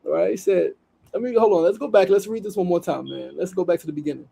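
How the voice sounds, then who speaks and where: Gravelly, mellow-voiced New man. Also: high-pitched, fast, low-quality recording. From New York City. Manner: emotional, swears freely, reads a story aloud. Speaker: podcast host. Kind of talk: casual daily show monologue. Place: studio.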